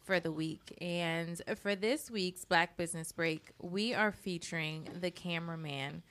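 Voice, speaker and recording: Lady cohost doing the sponsor read, slow and crisp, bright and a little low. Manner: polished announcer tone for the sponsor read. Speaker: co-host. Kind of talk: talk-show hosting and sponsor read.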